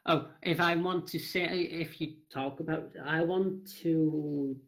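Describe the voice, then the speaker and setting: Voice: mid-range voice, fairly even intonation. Pushy joking podcast host. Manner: pushy, joking, halting restarts. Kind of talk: casual interview.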